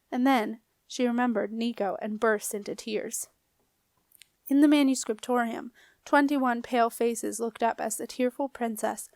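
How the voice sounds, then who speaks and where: A woman's voice: a little high, no room sound. Woman reading a storybook aloud. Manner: clear and expressive. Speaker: audiobook reader. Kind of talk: storybook narration.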